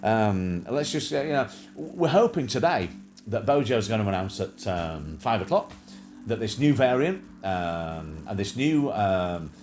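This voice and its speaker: A man's voice: on the low side, very animated, unhurried, a little mellow, soft background music. A man hosting a casual livestream chat show, rambling and joking with plenty of fillers and restarts.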